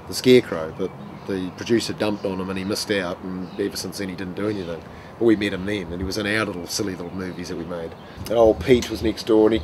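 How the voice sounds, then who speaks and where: Self-mocking New Zealand man telling stories. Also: low voice. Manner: rambling, self-mocking, laughs at his own stories. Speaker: storyteller of his own acting past. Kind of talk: casual anecdotal storytelling. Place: outdoors in the rain. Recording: steady rain noise behind.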